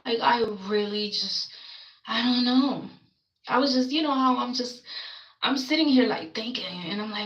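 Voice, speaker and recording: Woman, livestreamer, rambling casual storytelling, bright voice, echoey room. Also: a little high, moderate pace, muffled recording.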